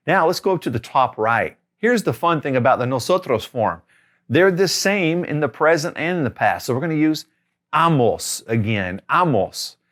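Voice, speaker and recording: A man's voice: mid-range voice, a bit bright. A man teaching a Spanish grammar lesson, upbeat and encouraging, talking straight to the learner. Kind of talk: lively classroom lesson.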